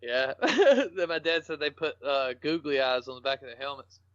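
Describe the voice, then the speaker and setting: A man's voice: medium pitch, sing-song, moderate pace, a bit bright, no room sound. A man, a podcast guest telling rambling, salty, joking stories in casual talk. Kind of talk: casual storytelling interview. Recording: dull lo-fi podcast audio.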